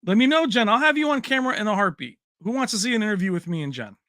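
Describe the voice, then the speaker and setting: A man hosts a relaxed livestream, reading viewer comments aloud in a chatty, joking way. His voice sits a little high and sounds bright and forward. The sound is close and dry, with no room echo. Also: rapid-fire. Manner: chatty, reads names and places aloud, jokey. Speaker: livestream host.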